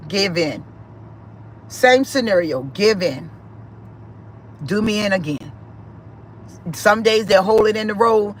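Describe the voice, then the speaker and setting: A woman's voice: medium pitch, expressive, takes it slowly, pauses often, a little hiss or hum, poor audio. A middle-aged woman, giving a personal spiritual testimony in an emphatic, repetitive, emotional way. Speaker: spiritual speaker.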